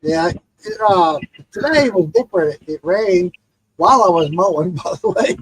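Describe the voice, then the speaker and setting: A man's voice: high voice, sing-song, normal speed, creaky, a little hiss or hum, rough recording. A man from Missouri chatting casually and laughing easily on a podcast. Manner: laughing, easygoing. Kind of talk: casual chat.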